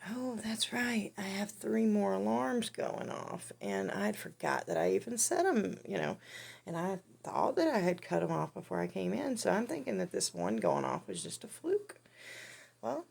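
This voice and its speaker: A woman telling a funny personal story in a casual, animated way, often laughing. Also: mid-range voice, moderate pace, vocal fry, breathy edge. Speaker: vlogger.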